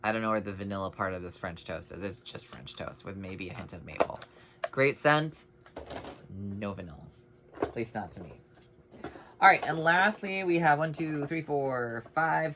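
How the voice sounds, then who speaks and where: A man talks through a casual scent review with a bright, forceful voice. He rambles in a chatty way and drifts into side tangents. He sounds like he is recording at home. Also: mid-range voice, normal speed, a little hiss or hum.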